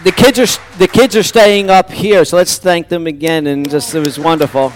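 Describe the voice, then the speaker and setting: A man's voice: fairly high pitch, fairly even intonation, moderate pace, a little hiss or hum. A man pastor preaching a sermon in a church, talking in a conversational, rambling way with restarts and repeated words.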